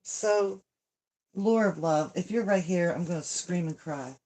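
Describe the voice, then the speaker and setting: A woman's voice: lowish voice, a little slow, warm tone. An older woman, a channel host who reads books aloud, chatting casually and rambling, interrupting herself and sighing over a tedious book. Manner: rambling, self-interrupting, dramatic sighs and complaints. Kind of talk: casual live chat and reading.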